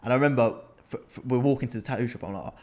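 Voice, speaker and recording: A young British man swaps wild holiday stories in a loose, animated podcast chat. His voice sits at a middle pitch, and he laughs his way through the tales. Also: racing. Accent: British English. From Britain. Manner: animated anecdote-telling, laughs often. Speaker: podcast co-host. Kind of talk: casual storytelling chat.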